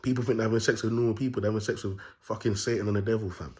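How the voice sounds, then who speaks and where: Here the self-proclaimed prophet is a young man with a fairly low, darkish voice and fairly level intonation, going at a racing pace. The monologue is unscripted, bold and raw, heavy on street slang and circling back on itself.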